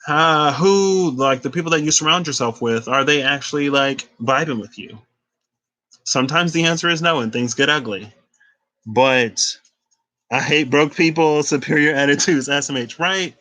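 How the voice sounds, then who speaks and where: A man's voice: a little high, moderate pace, sharp tone, rough recording. A man giving a spiritual tarot reading, emphatic and conversational, with casual slang. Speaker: tarot reader.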